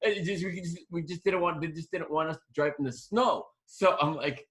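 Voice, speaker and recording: This forties-aged man is a guest actor spinning a lengthy, rambling interview story, frequently starting sentences over and performing quoted dialogue. He speaks briskly in a high-ish, slightly bright voice, with a little hiss or hum in the recording.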